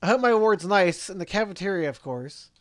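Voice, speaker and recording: A man's voice: high voice, animated, fairly quick. A man voicing an earnest young male doctor in his first job, read aloud plainly. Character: young male doctor, nervous new resident.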